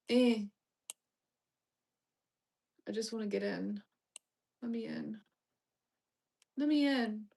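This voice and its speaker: A woman hosting a casual live stream, reading chat with teasing, bossy remarks and swearing while distracted and muttering to herself. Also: medium pitch. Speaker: livestream host reading chat.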